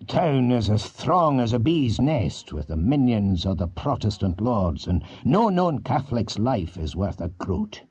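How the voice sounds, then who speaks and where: A man voicing a domineering older Scottish earl in his fifties, with a low, gruff, commanding Scottish accent. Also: very animated, measured pace, few pauses, darkish tone, heavily acted.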